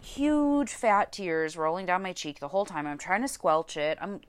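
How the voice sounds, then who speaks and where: A woman's voice: mid-range voice, expressive, brisk, few pauses, dry recording. A young woman hosting a podcast, candidly telling a personal story, swearing freely and getting close to tears. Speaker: podcast host.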